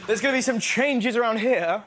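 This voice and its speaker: A man's voice: very high-pitched, fairly quick, a crowd in the background. A male comedy panellist delivering blunt one-liner punchlines. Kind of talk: quick one-liner jokes. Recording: noisy.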